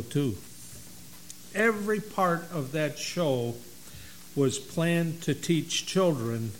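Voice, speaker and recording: Slow-speaking pastor, a man. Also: on the high side, poor audio. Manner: slow, folksy storytelling. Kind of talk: sermon.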